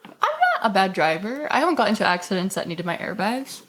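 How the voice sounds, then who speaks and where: A woman co-hosting a podcast in a studio, telling stories in an animated way and swearing freely in casual chat. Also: mid-range voice, brisk, a little hiss or hum. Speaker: podcast co-host.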